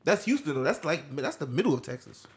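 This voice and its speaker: A man co-hosting a podcast, tossing out jokes and quick asides in casual chat. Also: a little high, very animated, echoey room. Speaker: podcast co-host.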